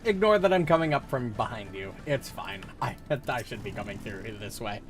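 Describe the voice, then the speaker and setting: A man's voice: medium pitch, animated, moderate pace, soft background music. A young man chatting casually while streaming a game, rambling and restarting his sentences. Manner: rambling, self-interrupting, laughs at the game. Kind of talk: casual live gameplay chat.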